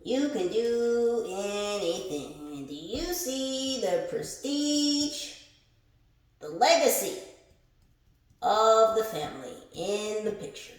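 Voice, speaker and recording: A woman giving a casual spiritual tarot reading, animated and laughing, who swears freely and calls her viewers the collective. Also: medium pitch, slow pace. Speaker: tarot reader. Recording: very echoey room.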